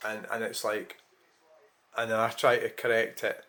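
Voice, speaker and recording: A man with a lowish voice and flat delivery talks at a moderate pace, his tone fairly bright, in a casual vlog monologue. Rambling and frank, he swears often and keeps going back to rephrase.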